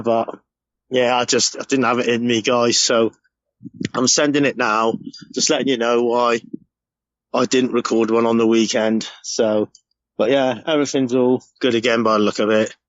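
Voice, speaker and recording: A man's voice: medium pitch, level tone, normal speed, dry recording, muffled recording. A middle-aged man from the UK telling a rambling, emotional story in a casual recorded message, swearing freely. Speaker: podcast segment contributor.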